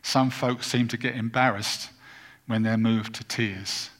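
A man preaching a sermon as a pastor, earnest and deliberate, leaning on repetition for emphasis. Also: medium pitch, fairly even intonation, fairly bright tone. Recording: long reverb of a large hall.

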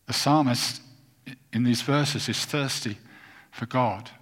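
A man preaching a sermon as a pastor, earnest and deliberate, leaning on repetition for emphasis. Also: medium pitch, a bit bright. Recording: long reverb of a large hall.

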